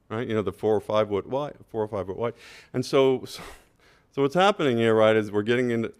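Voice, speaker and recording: Animated man telling a story. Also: lowish voice, fast talker, gravelly. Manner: animated storyteller, repeats "right?". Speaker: school board member. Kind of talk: meeting remarks and anecdote. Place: board meeting room.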